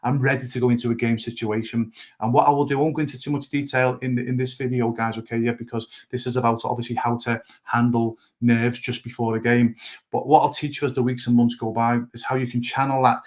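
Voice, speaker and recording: Coach guy, pretty monotone, keeps saying guys okay, earnest pep talk. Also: medium pitch, quick pace. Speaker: goalkeeper coach.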